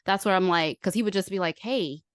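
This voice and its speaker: A woman's voice: medium pitch, fast talker, clear, resonant tone, dry recording, studio quality. A woman hosting a podcast, telling personal stories candidly and animatedly, acting out what others said. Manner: open, animated storytelling with quoted voices. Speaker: podcast host.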